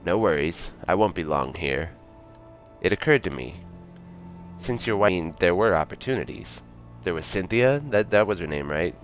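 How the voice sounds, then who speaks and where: A man's voice: sits low, lively intonation, moderate pace, faint music behind. A man voicing a sneering, menacing man who taunts the hero in a game read-through. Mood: taunting. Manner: snide and taunting.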